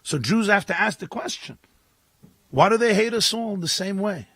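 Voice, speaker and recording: A man, a rabbi, giving a lively sermon at a live gathering, telling stories and acting out the voices in them. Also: high voice, normal speed, dry recording. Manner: animated storytelling, acting out voices, rising to shouts. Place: live event with an audience.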